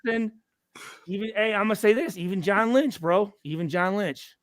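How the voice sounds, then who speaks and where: A man, a former football player, telling profane stories in casual chat and acting out loud reenactments. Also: sits high, fairly quick, a crowd in the background.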